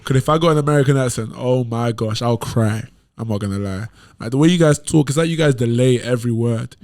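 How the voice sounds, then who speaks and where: A man's voice: medium pitch, fast talker. A young man from England with an English accent, a podcast guest chatting casually and telling stories with a lot of slang. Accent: English, London slang. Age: young adult. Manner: animated, laughing storyteller, heavy slang. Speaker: podcast guest, college basketball player. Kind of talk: casual chat.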